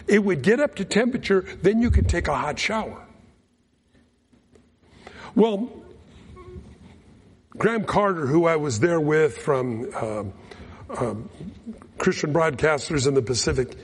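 A man preaching a sermon, telling a folksy mission story with lively acted-out quotes. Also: on the high side, unhurried, pauses often, slightly rough. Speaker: pastor. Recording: long reverb of a large hall.

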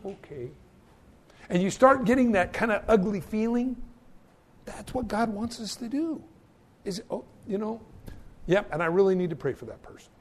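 A man's voice: sits high, lively intonation, moderate pace, pauses often. A male pastor preaching a sermon, telling stories with self-mocking humor and stammered restarts.

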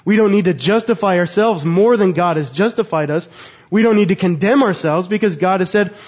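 High-voiced man preaching with earnest questions. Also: a little fast. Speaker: pastor. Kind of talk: sermon. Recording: slightly dull, muffled sound.

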